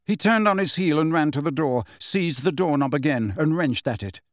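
A man narrating a fantasy audiobook with a lively, rising and falling voice, a touch higher than most men. The sound is dry and close to the mic. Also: moderate pace, dry recording. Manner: expressive, dramatic reading.

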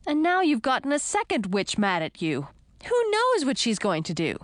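A woman voicing a sharp-tongued young female frog princess in an audiobook, scolding in an exasperated way. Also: high voice, wildly swooping pitch, moderate pace, no room sound, studio quality, voice pushed up. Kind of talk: audiobook character voice.

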